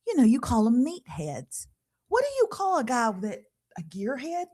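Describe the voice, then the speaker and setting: A middle-aged woman hosting a casual live podcast, telling lively stories and mimicking people. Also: on the high side, moderate pace, husky. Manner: animated storyteller, laughing, mimicking others. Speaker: podcast host.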